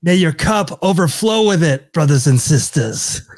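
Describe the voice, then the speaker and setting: A man voicing a fervent male church preacher, reading with a drawn-out revival-sermon delivery. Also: fairly high pitch, animated, a little mellow. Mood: preachy. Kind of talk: dramatic reading in a put-on voice.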